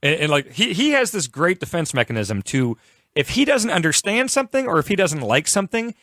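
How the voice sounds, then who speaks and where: A young man tells a story on a podcast with lively, swooping pitch and frequent laughter. His voice is dry and close, with no room sound around it. He talks casually and quickly slips into other people's voices. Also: no room sound. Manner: animated, laughing, quick shifts into quoted voices. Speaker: podcast co-host.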